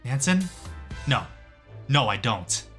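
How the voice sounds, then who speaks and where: A distraught young man in a psychiatric ward speaks in a bright, bitter voice, as a man reads him out. He accuses flatly and angrily, as if betrayed. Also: mid-range voice, slow, faint music behind. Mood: furious. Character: distraught young male psychiatric patient, furious.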